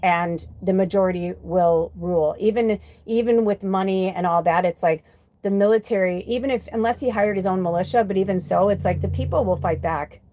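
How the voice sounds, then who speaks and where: A woman's voice: medium pitch, a little fast, dark tone. A middle-aged American woman hosting a spiritual livestream, ranting bluntly with heavy swearing in a casual monologue. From United States. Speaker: spiritual channel host.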